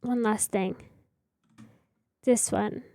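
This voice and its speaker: A woman's voice: medium pitch, steady tone, drawn-out words, creaky, mellow, no room sound. A young woman streamer chatting casually with her viewers while building in a game, rambling and answering chat.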